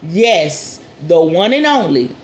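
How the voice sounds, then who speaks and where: Slow, chatty woman host. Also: on the low side, big pitch swings, darkish tone. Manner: chatty, addresses viewers as y'all. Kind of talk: casual show-and-tell talk to viewers. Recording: roomy with faint background noise.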